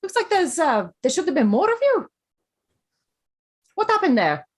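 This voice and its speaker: A woman's voice: sits high, wildly swooping pitch, normal speed. A woman voicing a cocky, swaggering female warrior, in a taunting sing-song manner. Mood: mocking.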